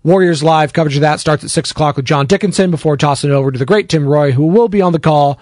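A man's voice: fairly high pitch, fast talker, darkish tone, no room sound. A man runs a sports radio monologue in a slightly raised voice, sarcastic and prone to drifting off on tangents. The sound is dry and close, like a studio microphone with no room around it. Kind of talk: opinionated sports talk monologue.

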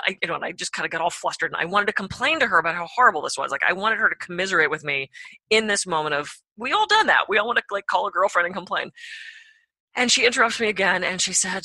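A woman guest on a podcast, telling a personal anecdote in an animated way, acting out her own reactions with big jumps in pitch. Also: fast, breathy edge, no echo. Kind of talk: storytelling anecdote.

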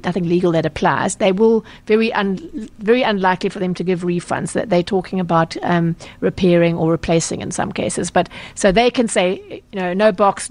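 A woman with a South African accent, a consumer journalist answering questions on a radio talk show in a brisk, explanatory way with frequent ums and self-corrections. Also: fairly low pitch, a little mellow.

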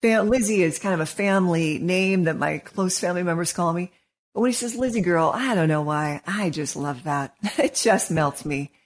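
Husky encouraging woman, relationship podcast. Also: fairly low pitch, moderate pace. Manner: warm-hearted, encouraging, laughs easily. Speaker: podcast co-host, marriage counselor. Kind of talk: casual podcast discussion.

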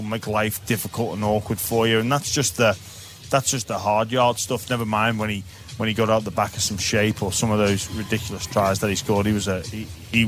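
A man on a radio sports panel, talking enthusiastically and stumbling over quick restarts. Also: fairly low pitch, fairly bright tone. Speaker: rugby league panelist. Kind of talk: casual radio chat.

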